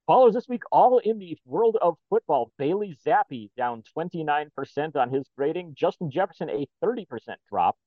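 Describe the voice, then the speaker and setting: A man co-hosting a podcast, calmly reading out numbers in casual chat. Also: on the high side, brisk, few pauses, no room sound, phone-quality sound. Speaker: podcast co-host.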